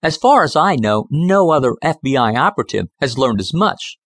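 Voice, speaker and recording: A man's voice: medium pitch, normal speed, no room sound, clean studio sound. A man voicing a curt, cool woman agent. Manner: clipped, flat and businesslike. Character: cool, sharp-witted woman federal agent.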